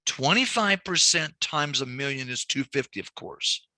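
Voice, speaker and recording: A man's voice: mid-range voice, normal speed, dry recording. A man teaching a banking class, walking through numbers step by step and telling stories with quoted dialogue. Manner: animated storytelling with quoted dialogue. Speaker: banking instructor. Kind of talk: recorded training lecture.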